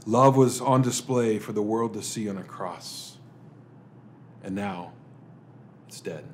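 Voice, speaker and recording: A man, a pastor, delivering a dramatic sermon full of rhetorical questions, swinging between emphatic lines and hushed ones. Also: lowish voice, slow, a little hiss or hum. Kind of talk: dramatic Good Friday sermon.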